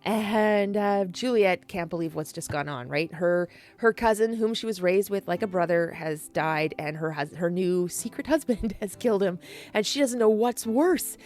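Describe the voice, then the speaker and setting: A woman casually retelling a classic play in a chatty, animated way, laughing and swearing often. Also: medium pitch, normal speed, soft background music. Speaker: storyteller.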